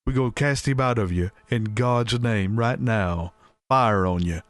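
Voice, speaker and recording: Podcast host doing a stern older preacher, drawling and accusing, recorded up close and dry. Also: male voice, lowish voice, a little slow, no echo, lightly acted. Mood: fervent. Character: stern older male backwoods preacher, scolding.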